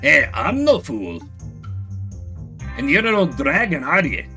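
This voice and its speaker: Man doing a cheeky squirrel bard, bright lively voice, unhurried, tabletop game. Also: fairly high pitch, soft background music, exaggerated voice. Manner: lippy, earnest, joking. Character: cheeky young male red squirrel bard.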